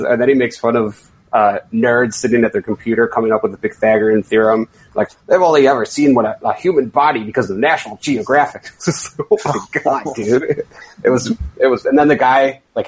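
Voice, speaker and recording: A man hosting a casual fantasy football podcast chat as league commissioner, rambling with halting restarts. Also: mid-range voice, a little hiss or hum, rough recording.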